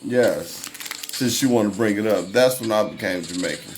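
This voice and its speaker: Dude doing a chill livestream, chatting to viewers, bit of music in the back. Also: male voice, fairly low pitch, moderate pace. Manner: talks straight to viewers by name, loose and conversational. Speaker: livestream host. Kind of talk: casual livestream commentary.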